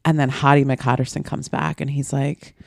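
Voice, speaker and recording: Low-voiced woman telling a story. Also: moderate pace, creaky, no room sound, studio quality. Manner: animated, acts out quotes, swears freely. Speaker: podcast host. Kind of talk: casual comedic storytelling.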